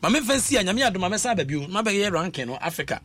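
A man's voice: high voice, very animated, very fast, fairly bright tone. A man talking emphatically on a radio panel, repeating phrases as he drives home his points. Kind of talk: animated radio discussion.

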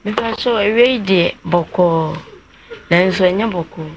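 A woman, a guest on a talk show, tells a long family story, her voice set at a middling pitch. She winds through the events, now and then slipping into the voices of the people she quotes. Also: slow, background noise. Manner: long, winding telling that acts out others' words in quotes. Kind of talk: personal account on a talk show.

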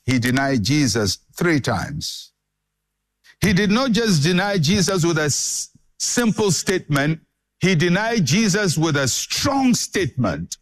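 A man preaching a sermon with dramatic emphasis and repeated phrases for effect. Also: sits high.

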